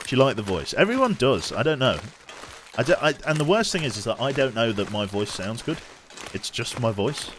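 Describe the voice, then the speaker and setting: A man's voice: mid-range voice, big pitch swings, a little fast, fairly bright tone, slight background noise. A young man streaming a survival game, chatting casually and rambling, often restarting his sentences and swearing offhand. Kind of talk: casual live-stream chat while gaming.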